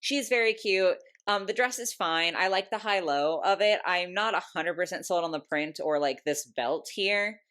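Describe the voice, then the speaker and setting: A young woman vlogging about her doll collection in an excited, chatty way, full of fillers and little laughs. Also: on the low side, moderate pace, hardly any pauses, clear, resonant tone. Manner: gushing, chatty, lots of "like" and laughs. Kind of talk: casual ranking vlog.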